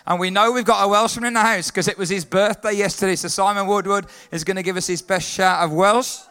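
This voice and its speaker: A man leading a lively church talk, calling out to the congregation and getting them to answer back. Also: high voice, quick pace, clear, resonant tone. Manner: upbeat, leads the congregation in call-and-response. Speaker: children's worker leading a church service.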